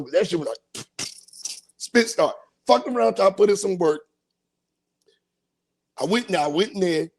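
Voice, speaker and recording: Animated storytelling podcast host, man. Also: high-pitched. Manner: animated, acts out voices and sound effects. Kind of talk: profane comedic storytelling.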